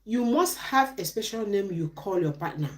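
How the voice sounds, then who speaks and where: Speaking expressively at a normal pace with a medium-pitched voice, a middle-aged woman lectures about relationships on a live stream, raising questions and then answering them herself.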